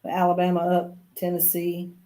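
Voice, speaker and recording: A woman's voice: lowish voice, completely flat delivery, moderate pace, warm tone, poor audio. An older woman, co-hosting a casual live stream in a chatty, plainspoken way. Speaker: co-host.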